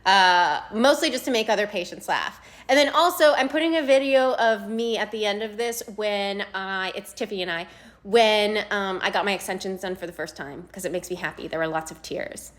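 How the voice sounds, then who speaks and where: A woman's voice: mid-range voice, normal speed, fairly bright tone. A young adult woman talking casually in a vlog about her own experience, chatty and earnest with many fillers. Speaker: patient sharing her story.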